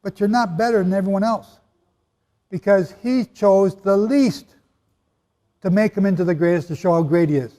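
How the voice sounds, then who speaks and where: Male preacher, high pitch, animated conversational sermon, long hall reverb. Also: moderate pace, long pauses. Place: hall with a live audience.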